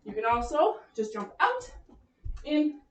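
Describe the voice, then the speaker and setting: A high-pitched woman coaches a cardio session while exercising, breathless and chatty, with easy laughs. Her voice sounds a little distant, caught by a far camera in an echoey room at home. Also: big pitch swings, a little slow, fairly bright tone, slight background noise. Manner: encouraging, chatty, laughs often. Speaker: fitness instructor. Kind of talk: leading a home cardio workout.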